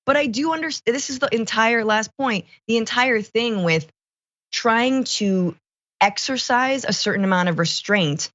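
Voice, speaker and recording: A woman co-hosting a political commentary show, speaking casually with sarcastic, expressive mockery. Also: on the high side, measured pace, no echo, lo-fi sound. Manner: sarcastic, expressive, mocking impressions.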